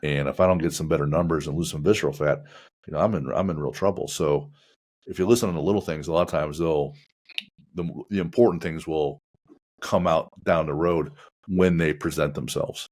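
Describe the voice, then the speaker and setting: A man hosting a podcast, chatting casually in a measured, reflective way and asking long, rambling questions. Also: a bass voice, steady tone, darkish tone. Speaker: podcast host. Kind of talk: casual interview chat.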